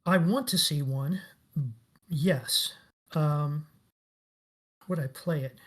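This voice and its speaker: A man's voice: on the high side, slow, fairly bright tone. A middle-aged man talking as a guest in a casual interview, telling stories enthusiastically and with emphasis. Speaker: guest, game industry veteran.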